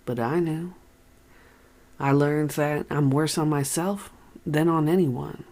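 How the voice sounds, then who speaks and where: A reader voicing a philosophical man, a former prisoner, speaking in a calm, plain-spoken, reflective way. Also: medium pitch, slow.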